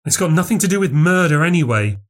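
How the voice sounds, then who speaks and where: A man's voice: a little high, very animated, quick pace, voice pushed up. A man voicing an impatient, anxious man who fears he is going mad. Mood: impatient uneasy. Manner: impatient, edgy.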